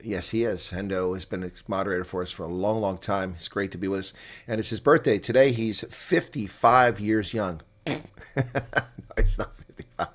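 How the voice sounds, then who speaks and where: A man giving live reaction play-by-play commentary, excitable and opinionated, dropping to quiet asides and then rising to loud calls when the action starts. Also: lowish voice, fairly quick. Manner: opinionated, argues with referee calls. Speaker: live watch-along commentator.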